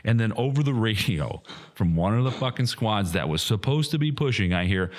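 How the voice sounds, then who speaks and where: Animated, swearing podcast host. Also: male voice, medium pitch, fairly quick. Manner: heated, profane storytelling with loud mocking quotes. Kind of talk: casual podcast chat.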